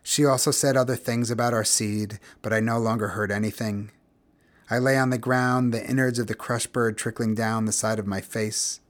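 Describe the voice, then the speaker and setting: A man narrating literary fiction as an audiobook, in a measured, expressive reading voice. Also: mid-range voice. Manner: measured, expressive, grows quiet and somber.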